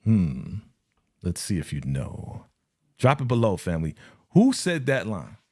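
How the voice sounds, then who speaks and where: A man's voice: low-pitched, normal speed, husky. Guy hosting a live tv recap, slangy, laughs a lot, talks right to the fam. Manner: animated, laughing, slangy, acts out quotes. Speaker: host of a live TV episode review. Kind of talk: casual live review chat.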